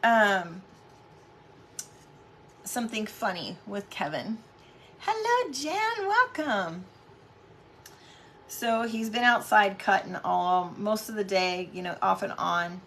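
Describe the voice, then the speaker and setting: Chatty craft host woman, gravelly edge. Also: mid-range voice, slow pace, long pauses, fairly bright tone, slight background noise. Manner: chatty, greets viewers by name. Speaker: craft live-stream host. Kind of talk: casual live craft demo chat.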